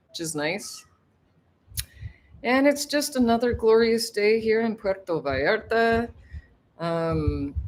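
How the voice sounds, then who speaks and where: Her voice mid-range and a bit bright, a livestream host and tour guide chats and rambles from her home in a tropical town. She laughs often while greeting viewers in this casual stream.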